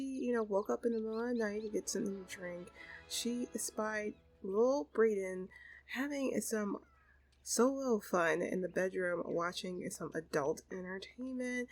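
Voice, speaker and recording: A woman's voice: mid-range voice, a little hiss or hum, low-quality recording. Chatty woman narrating a game story. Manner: chatty, full of fillers like kinda and you know. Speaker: host and storyteller. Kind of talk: casual narration of a life-sim game story.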